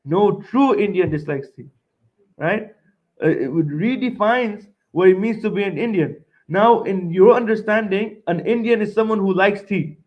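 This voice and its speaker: A young man from Montreal, Canada lectures a seminar audience in a fairly high voice, pressing each point and circling back to repeat it. Between lines he keeps tossing in a quick "right?", and the recording sounds dull and lo-fi.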